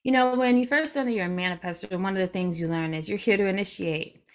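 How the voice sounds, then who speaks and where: A woman's voice: mid-range voice, fast talker. A young adult woman speaking as a guest in a casual interview, reflective and open, with light laughs as she talks.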